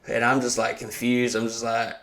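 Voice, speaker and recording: A man's voice: medium pitch, monotone, moderate pace, vocal fry, fairly bright tone. A man hosting a podcast, telling a story in casual, profane chat and acting out the people he quotes. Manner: profane, acts out quoted voices. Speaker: podcast host.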